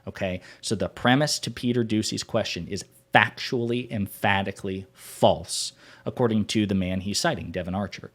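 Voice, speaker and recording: A man's voice: lowish voice, normal speed. A man hosting a political commentary show, arguing his points emphatically and repeating them for stress.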